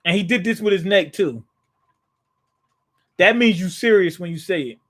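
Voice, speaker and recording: A man with a high, somewhat bright voice speaks at a moderate pace as he hosts a live manga reaction. He reads scenes aloud and retells them in his own casual slang, often restarting and chuckling.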